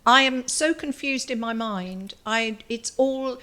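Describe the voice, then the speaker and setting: A woman's voice: a little high, takes it slowly, bright, forceful tone, smooth. An older woman with a London English accent, chatting casually as an interview guest and thinking aloud. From London, England. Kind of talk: casual chat.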